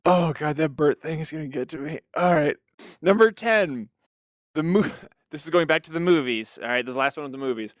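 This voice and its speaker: A man's voice: a little high, no echo, clean studio sound. A man hosting a casual podcast, reading trivia questions and cracking up easily. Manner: giggly, animated, quick to crack up. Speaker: podcast host and quizmaster. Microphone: voice chat mic.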